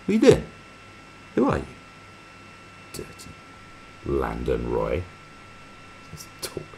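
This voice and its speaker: A man's voice: a bass voice, creaky, a little hiss or hum. A man hosting a live stream, reading viewer comments aloud and mocking them in a crude, sarcastic way.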